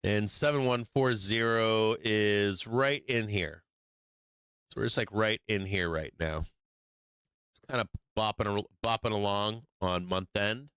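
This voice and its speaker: Hiccuping through a live stock market stream, this host talks in a fairly low, measured voice that's a bit bright and smooth, recorded with no echo. He rambles and swears casually, keeps restarting, and wanders off mic while handling his charts.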